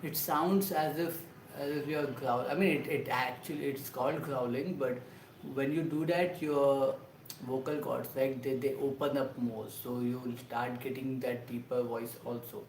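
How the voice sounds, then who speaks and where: A man, an actor, talks a livestream through voice drills at a mid-range pitch. He explains in loose, halting bits that he keeps restarting. The room is echoey, with a faint hum of ambience behind him. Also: fairly even intonation. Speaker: actor teaching voice exercises. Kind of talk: casual livestream tutorial. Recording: roomy echo with faint ambience.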